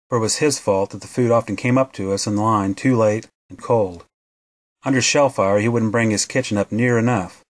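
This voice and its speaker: A man with a fairly low voice reading a novel aloud as an audiobook narrator. He keeps a steady, measured pace throughout.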